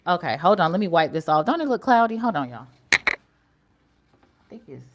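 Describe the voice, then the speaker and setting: A woman's voice: fairly low pitch, very animated, moderate pace, background noise. A woman chatting casually to her viewers on a live stream, greeting them in a sing-song way and talking straight to them. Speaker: livestream host.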